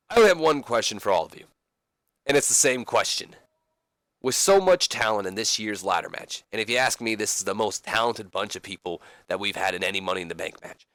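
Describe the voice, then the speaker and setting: A man voicing a brash veteran wrestling talk-show host with showman hype and drawn-out emphasis. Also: fairly low pitch, fairly bright tone, dry recording.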